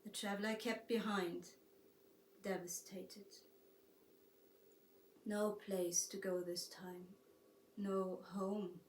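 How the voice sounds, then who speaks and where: A woman with a German accent narrating a storybook tale slowly and softly, as a harpist and storyteller. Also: mid-range voice, flat delivery, a little hiss or hum. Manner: slow, soft-spoken storytelling. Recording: roomy echo, distant mic.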